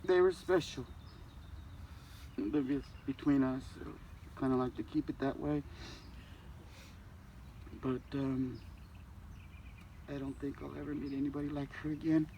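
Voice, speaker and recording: Older man speaking at a church funeral, folksy, a storyteller who acts out dialogue, mid-pitched voice. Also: steady tone, a little slow, pauses often, dark tone, a little hiss or hum. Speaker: eulogy speaker, friend of the deceased. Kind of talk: storytelling eulogy. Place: church service.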